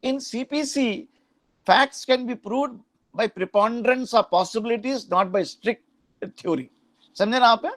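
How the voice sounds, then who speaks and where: A man's voice: very high-pitched, normal speed, fairly bright tone, no echo. A middle-aged Indian man teaching a law class, explaining procedure with frequent "huh?" checks and Hindi asides. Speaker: law professor.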